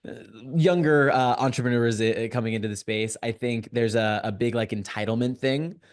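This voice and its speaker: A man hosting a casual interview, speaking haltingly with many fillers and restarts. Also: medium pitch. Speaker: interview host.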